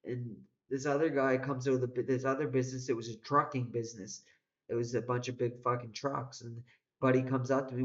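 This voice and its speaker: A man's voice: mid-range voice, level tone, a little fast, muffled recording. A man telling a personal story in a rambling, profane way, full of restarts and swearing. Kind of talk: casual spoken storytelling.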